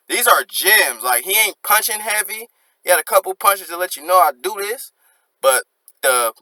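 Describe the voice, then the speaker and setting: A young man walks through a song line by line, earnest and reflective, dropping slang as he talks. His voice is bright and sits a little high. The sound is close and dry, with no room around it. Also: expressive, moderate pace, dry recording, rough recording. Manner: reflective, earnest, slangy, quotes lyrics aloud. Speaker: music reaction host. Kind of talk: casual lyric breakdown.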